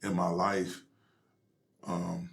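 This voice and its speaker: Middle-aged man, deep low voice, gravelly fry, emotional halting testimony, soft near-whispers. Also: completely flat delivery. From United States. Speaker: pastor. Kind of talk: personal testimony in interview.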